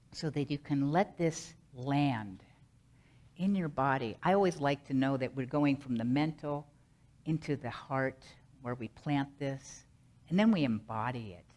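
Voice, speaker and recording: A middle-aged woman minister giving a sermon, earnest and rhythmic, slowly repeating a mantra. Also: low voice, darkish tone.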